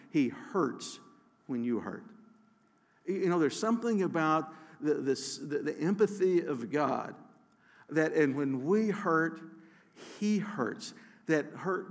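A man preaching a sermon as pastor, earnest, restarting phrases and slowing to a hushed emphasis on key words. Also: on the high side, in a large hall. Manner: earnest, with many restarts and soft slowed emphasis.

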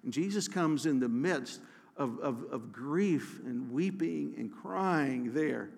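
A man preaching a sermon as pastor, earnest, restarting phrases and slowing to a hushed emphasis on key words. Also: mid-range voice, lively intonation, vocal fry, long reverb tail. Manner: earnest, with many restarts and soft slowed emphasis.

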